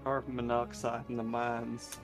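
Gravelly man joking at a tabletop game. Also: mid-range voice, completely flat delivery, normal speed. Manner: joking, curious. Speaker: player. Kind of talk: casual chat at a tabletop game. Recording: clear music underneath.

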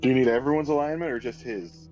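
A man's voice: mid-range voice, fast, darkish tone, muffled recording, faint music behind. A man running a tabletop game, teasing and bantering with the players.

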